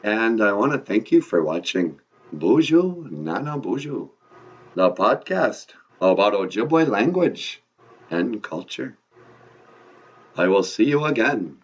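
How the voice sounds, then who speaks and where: A man's voice: lowish voice, big pitch swings, slow pace, recorded from a distance, highs cut off. A man hosting a podcast about Ojibwe language, talking in an easygoing, wry way. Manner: easygoing, wry, hesitant fillers. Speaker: podcast host teaching Ojibwe. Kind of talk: casual teaching chat.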